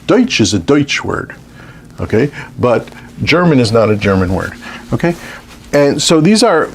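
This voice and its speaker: A man lecturing on mathematics with a lively, up-and-down delivery and a gravelly edge to his voice. He keeps checking in with his listeners as he works through examples. A faint hiss sits under the recording. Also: mid-range voice. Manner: lively, repeats "okay" as a check-in. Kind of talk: math lecture.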